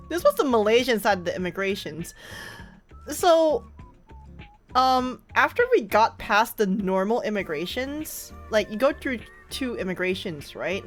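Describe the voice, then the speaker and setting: A woman streamer telling a story in casual chat, animated and laughing often. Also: medium pitch.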